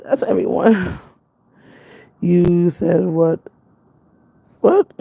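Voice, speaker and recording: Chatty New York woman with vocal fry. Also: on the low side, lively intonation, drawn-out words, dark tone. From Jamaican family. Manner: chatty, rambling, laughs often. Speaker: vlogger. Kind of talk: casual livestream chat.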